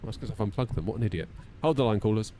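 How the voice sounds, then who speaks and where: A man's voice: fairly low pitch, expressive, racing, warm tone, a little hiss or hum. A man in his thirties, chatting casually on a live stream while running through flight checklists, self-deprecating and talkative. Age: 30s.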